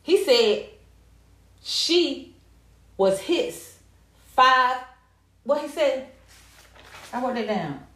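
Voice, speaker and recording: An American woman giving casual, sassy gossip commentary, animated and profane. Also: sits high, very slow, pauses often. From United States. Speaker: commentary vlogger. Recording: echoey room.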